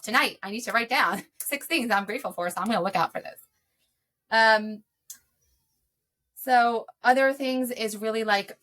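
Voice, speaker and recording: A woman's voice: mid-range voice, fairly bright tone. A woman speaking as a guest, explaining self-regulation for parents in an earnest, conversational way with frequent ums. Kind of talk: conversational advice.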